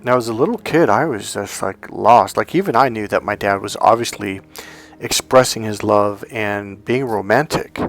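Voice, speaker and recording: A man's voice: lowish voice, normal speed, a bit bright. A man, a dating coach, telling a personal story in a rambling, conversational way. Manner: conversational, rambling, with many fillers and restarts.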